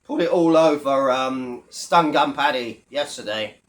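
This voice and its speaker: A YouTube commentator with a medium-pitched voice delivers a little slowly as he mocks his subject bluntly and curses a lot in his ranting vlog.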